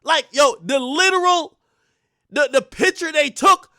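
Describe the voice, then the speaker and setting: A young man rants with excitable, profane energy, often laughing and breaking into loud bursts. His voice sits high for a man. The recording is close and dry, with no room sound. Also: a little slow, dry recording. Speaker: streamer and commentator. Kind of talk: casual rant.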